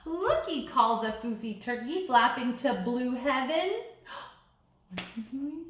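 A woman teacher reading a counting story aloud to young children in a sing-song, animated way, coaxing them to count along. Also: high voice, slow, slight background noise. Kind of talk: storybook read-aloud lesson. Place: classroom or learning center room. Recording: echoey room.

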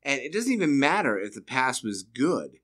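A man's voice: medium pitch, big pitch swings, moderate pace, a bit bright. A man from Massachusetts hosting a casual podcast chat, blunt and profane, firing off rhetorical questions. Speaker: podcast host.

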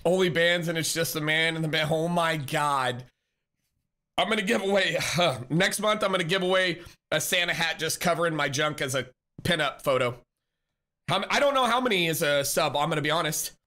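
A male streamer with a high, bright, ringing voice, teasing his chat and laughing easily. He thanks viewers and reads out messages in a loose, casual way. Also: brisk. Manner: chatty, teasing, laughs often.

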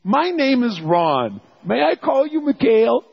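A man voicing an elderly foreign statesman, recounting a turning point slowly and emphatically. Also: extremely high pitch, big pitch swings, creaky, slightly rough, highs cut off, voice pushed up, full character voice. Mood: recalling. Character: elderly male foreign statesman, recalling warmly.

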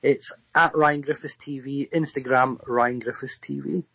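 A man's voice: medium pitch, steady tone, normal speed, gravelly, breathy edge, no room sound, dull audio. A man, a guest psychic medium, telling a long story in an earnest, rambling way full of ums and restarts. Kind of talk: remote radio interview storytelling.

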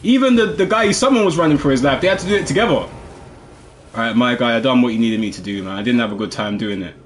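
Excitable man commenting on gameplay. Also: mid-range voice, fast talker, a little hiss or hum. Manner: excitable, trash-talking, with sudden drops to muttering. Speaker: gaming video host.

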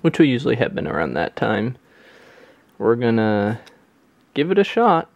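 A man's voice: mid-range voice, wildly swooping pitch, normal speed, creaky. A man hosting a family vlog at home, chatting easily with his wife and laughing often. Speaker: vlog host, new father. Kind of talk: casual home vlog chat.

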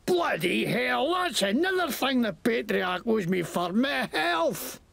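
An actor playing a foul-mouthed, resentful Scottish shopkeeper and petty crook in a video game, with a Scottish accent and a gravelly voice. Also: male voice, extremely high pitch, sing-song, slow, fairly bright tone, exaggerated voice. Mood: ranting. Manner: swearing, ranting against the law.

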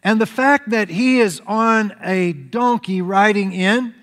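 A man preaching a sermon as pastor, telling the story in an animated way. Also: high voice, slow. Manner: animated storytelling preacher, acts out crowd shouts. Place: church sanctuary. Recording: reverberant church hall.

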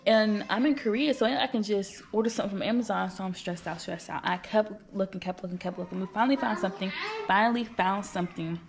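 Young woman, 20s, casual vlogger, chatty and repetitive, light vocal fry. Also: medium pitch, fast, a little hiss or hum. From United States. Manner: chatty, repeats herself, talks straight to viewers. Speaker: vlogger running a small business. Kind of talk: casual chat to camera.

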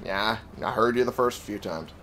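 Over crowd noise, a man talks at normal speed while playing a video game, keeping up chatty, joking let's-play commentary. As the host of a gaming video, his pitch jumps around with animation.

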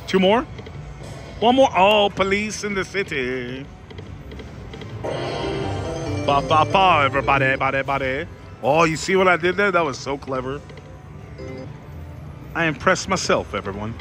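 Excitable man over loud casino music. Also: a little high, normal speed, long pauses. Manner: animated, talks to viewers, sudden excited outbursts. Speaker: casino vlogger. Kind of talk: excitable slot-machine commentary. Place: casino floor. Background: loud casino machine music.

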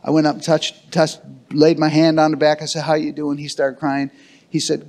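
A man's voice: a little high, level tone, normal speed, darkish tone. A man preaching a sermon as pastor, emphatic and calling for answers from the congregation. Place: church sanctuary.

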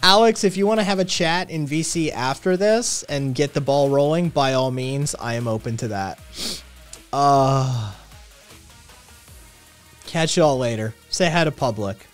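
Slow-talking casual stream host. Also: medium pitch, soft background music. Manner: casual, profane, reads news aloud then reacts. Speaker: livestream host. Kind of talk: casual stream chat reading headlines.

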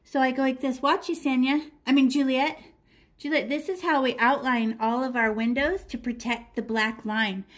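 In a high-pitched voice with a steady tone and normal speed, a middle-aged woman teaches children to paint in a live lesson. Chatty and playful, she explains every brushstroke as she makes it.

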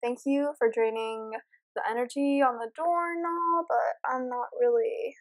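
A woman's voice: high-pitched, unhurried. A young woman nervously commenting as she plays a horror game, chatting to her viewers. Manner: nervous, jumpy, talks to viewers. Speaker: gamer.

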